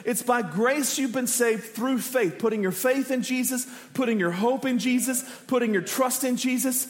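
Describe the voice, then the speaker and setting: A man in his thirties from Texas, a pastor preaching with animated, self-deprecating stories. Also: very high-pitched. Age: 30s. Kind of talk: sermon with humorous personal story. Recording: echoey church hall.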